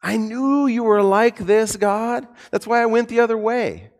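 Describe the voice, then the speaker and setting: A man's voice: on the high side, huge pitch swings, moderate pace, a little mellow. A man voicing an angry male prophet who is worked up and complains in an exasperated rant. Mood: whiny. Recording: long hall reverb.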